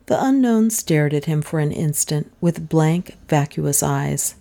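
Woman narrator, low voice, mellow and even. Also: a little slow, vocal fry. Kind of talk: audiobook narration.

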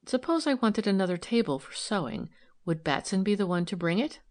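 A woman voicing a kind young female investigator who asks gentle, probing questions in an audiobook. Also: medium pitch, sing-song, a little fast, natural voice. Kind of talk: audiobook character reading.

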